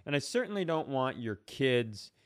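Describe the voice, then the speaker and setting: A man of middling pitch teases his co-host on a comedy podcast, circling his questions with false starts. His voice sounds close and dry, with no room around it. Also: sing-song, moderate pace, dry recording. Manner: teasing, rambling questions with many restarts. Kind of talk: casual comedy podcast chat.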